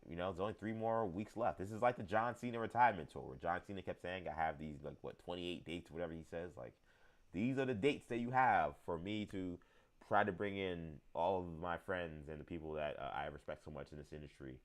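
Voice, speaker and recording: A man's voice: sits low, brisk. A man in his thirties hosting a live show, talking casually, rambling with many fillers and restarts while reading the chat. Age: 30s. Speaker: show host.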